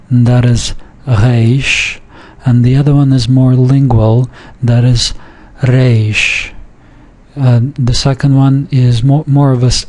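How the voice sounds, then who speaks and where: Male language teacher, unhurried, monotone, patient textbook walkthrough. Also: mid-range voice. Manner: slow, patient, with frequent hesitations. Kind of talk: recorded textbook lesson.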